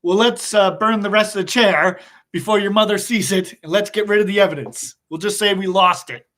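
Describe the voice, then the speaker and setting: A man voicing a middle-aged father in a told story, speaking low and matter-of-fact. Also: a little fast, a bit bright. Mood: knowing. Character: stern but scheming middle-aged father.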